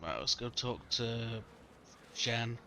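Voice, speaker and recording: A man's voice: medium pitch, slow pace, bright, forceful tone, a little hiss or hum. A man casually commentating his own game playthrough, offhand and sweary. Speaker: gaming streamer.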